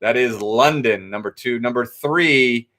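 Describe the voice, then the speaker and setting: A young man hosting a casual live trivia night, reading out answers with relaxed asides and self-corrections. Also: mid-range voice, a little slow.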